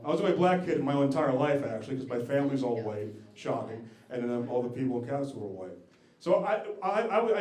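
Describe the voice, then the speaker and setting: A man's voice: medium pitch, warm tone. A male comedian doing a stand-up set on a club stage, profane and self-deprecating as he teases the crowd. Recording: echoey club room.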